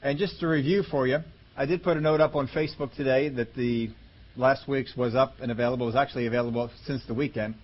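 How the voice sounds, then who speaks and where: A man preaching a conversational Bible-teaching sermon, slowing down and stretching key words for emphasis. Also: mid-range voice, fairly even intonation, highs cut off. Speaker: pastor.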